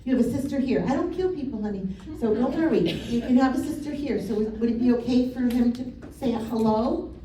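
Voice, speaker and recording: A woman's voice: on the high side, a little fast, mellow. A woman psychic medium giving a live reading in a casual, blunt way, swearing and laughing. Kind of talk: live spirit-message reading. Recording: echoey room from a distance.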